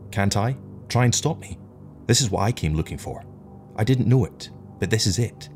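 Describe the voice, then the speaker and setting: A man's voice: on the low side, lively intonation, moderate pace, a little mellow, soft background music, voice pushed up, lightly acted. An earnest, emotional young crewman, voiced by a man who stands up with open defiance. The voice is raised a little above the reader's own and carries real passion. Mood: impassioned.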